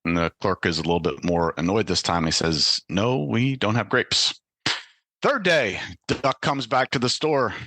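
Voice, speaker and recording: A man's voice: sits low, lively intonation, normal speed, few pauses, sharp tone, dry recording. A man who is a guest on a podcast, chatting casually and telling dad jokes that he laughs at himself. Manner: tells dad jokes with quoted voices, laughs at his own jokes.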